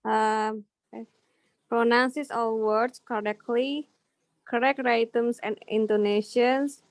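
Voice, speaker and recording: A woman student volunteering to read aloud in an online class, slowly and carefully. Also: on the high side, fairly even intonation, no room sound, poor audio.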